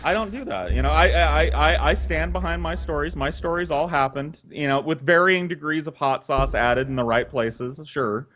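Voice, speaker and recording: Male podcast host, swears freely, animated casual storyteller. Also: on the high side, normal speed, hardly any pauses. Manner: animated, profane, laughing often.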